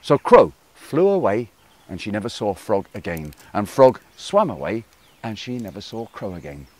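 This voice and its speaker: A man telling a folk tale to a live audience in a playful, expressive way, chatting with his listeners as he goes. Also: fairly low pitch, moderate pace. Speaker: storyteller.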